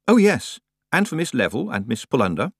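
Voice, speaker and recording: A man's voice: medium pitch, big pitch swings, a little fast, gravelly, breathy edge, dry recording, studio quality, pitched above the performer's own voice, exaggerated voice. A man reading an audiobook, voicing an earnest, practical young witch with a raised, girlish voice. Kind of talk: audiobook character voice.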